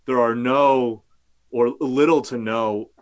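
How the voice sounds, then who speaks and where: A man's voice: mid-range voice, steady tone, slow pace. A male journalist talking casually as an interview guest, rambling with many fillers and restarts, and cursing now and then.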